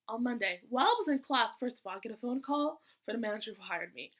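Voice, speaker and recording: A young woman with a bright, fairly high voice tells a story straight to her camera. She talks casually and gets sassy and exasperated at the people in it. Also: animated, fast talker, few pauses. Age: young adult. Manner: chatty and exasperated, with sassy asides. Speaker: vlogger.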